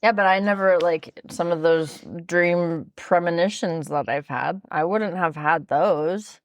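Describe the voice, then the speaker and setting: Slow, smooth-voiced woman telling a story. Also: lowish voice, no room sound. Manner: storytelling with frequent restarts and laughter. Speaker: podcast guest, host's sister. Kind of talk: casual podcast conversation.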